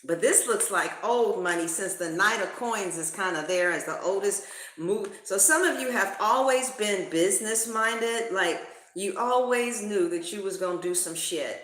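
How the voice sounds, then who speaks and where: Brief: woman, casual tarot reader, blunt and profane, bright tone, roomy echo. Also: mid-range voice, normal speed. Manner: slangy, profane, emphatic.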